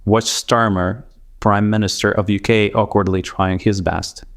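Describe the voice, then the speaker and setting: A man with a Russian accent, a native Russian speaker, giving scripted commentary narration in a dry, measured, sarcastic way. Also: fairly low pitch, level tone. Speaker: commentary video host.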